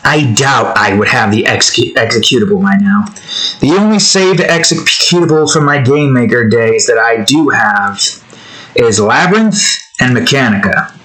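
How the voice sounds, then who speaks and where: A man chatting casually while he draws, rambling through off-topic asides and swinging into animated mock rants. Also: mid-range voice, normal speed, low-quality recording. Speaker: art vlogger. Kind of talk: casual chat while drawing.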